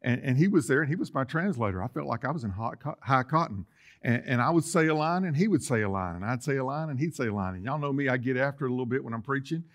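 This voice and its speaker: Pastor sureño de mediana edad, tono de voz medio, sermón campechano y enfático en la iglesia. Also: male voice, medium pitch, expressive, fast. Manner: folksy, rising to loud emphatic preaching. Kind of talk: sermon. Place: church sanctuary.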